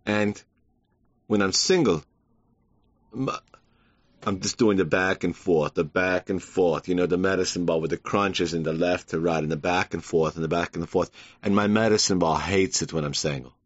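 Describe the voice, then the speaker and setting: A man's voice: deep voice, moderate pace, dry recording, voice pushed down. A man doing a boastful tireless bodybuilder. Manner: repetitive, boastful, humble-bragging. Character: boastful bodybuilder impression, tireless, humble-bragging. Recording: dull lo-fi.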